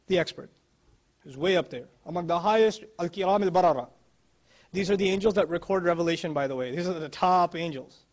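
Guy with a pretty high voice preaching, punchy, says the big lines twice. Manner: emphatic, repeats key phrases. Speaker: Islamic speaker. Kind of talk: religious talk.

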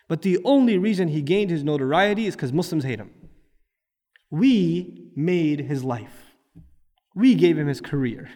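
A man's voice: fairly high pitch, darkish tone, long reverb tail. A man preaching a sermon, firing off rhetorical questions and building to emphatic peaks. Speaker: Islamic preacher.

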